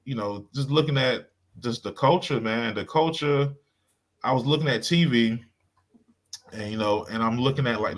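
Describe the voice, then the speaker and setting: A man co-hosting a casual panel chat, retelling events with lively, animated storytelling. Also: fairly low pitch. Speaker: panel co-host.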